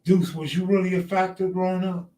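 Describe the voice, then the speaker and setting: A man's voice: sits high, little pitch movement, a little fast, warm tone. Joking man streaming live, far and echoey. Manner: loose, joking banter with chat, frequent laughs. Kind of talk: casual live stream chat reading comments. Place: outdoors near the ocean.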